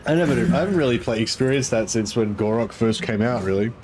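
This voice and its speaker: A man giving casual let's-play commentary, relaxed and rambling with frequent ums. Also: mid-range voice, fast, a little hiss or hum. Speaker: gameplay commentator.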